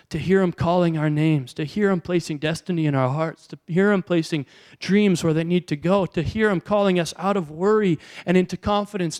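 A man's voice: high voice, darkish tone. A man preaching a sermon as a pastor, talking in a conversational way and asking his listeners rhetorical questions.

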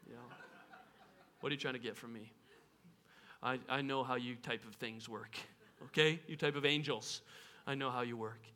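A man voicing a guarded young woman who speaks in a low, wary, dismissive way. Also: steady tone, moderate pace, long pauses, sharp tone, long reverb tail, close to an everyday voice. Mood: suspicious.

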